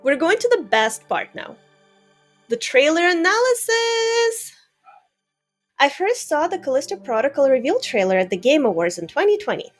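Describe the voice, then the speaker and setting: A woman hosting a casual podcast, enthusiastic and quick to giggle. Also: a little high. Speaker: podcast host.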